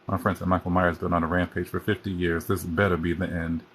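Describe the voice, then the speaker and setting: A man with a lowish voice chats casually into his phone on a livestream. He rambles, jumps from one thought to the next and keeps an easygoing, talkative flow. A faint hiss sits under his voice. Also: a bit bright. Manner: chatty, rambling, jumps between topics. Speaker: host.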